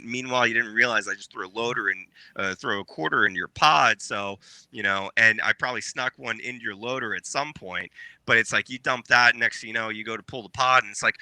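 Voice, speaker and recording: A man chatting as a podcast guest, rambling with many fillers and shout-outs. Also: medium pitch, fairly quick, no room sound. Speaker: podcast guest, paintball player. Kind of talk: casual podcast chat.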